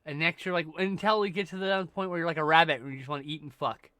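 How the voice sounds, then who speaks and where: A man's voice: a little high, steady tone, quick pace, sharp tone, smooth, no echo. Rambling, profane man, dry sound. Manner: rambling, profane, trails off mid-sentence. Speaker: livestream co-host. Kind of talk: casual chat while drawing.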